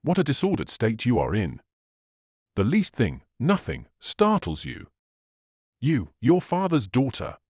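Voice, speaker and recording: A man's voice: medium pitch, huge pitch swings, unhurried, a little mellow, husky, dry recording, exaggerated voice. Kindly soothing old doctor, read by a man, dry sound. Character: calm kindly older father, a doctor.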